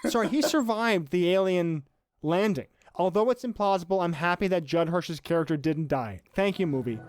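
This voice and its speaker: Wry higher-voiced man riffing on a film. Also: expressive, moderate pace, slight background noise. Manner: wry, sardonic. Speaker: podcast co-host. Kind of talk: casual film-critique chat.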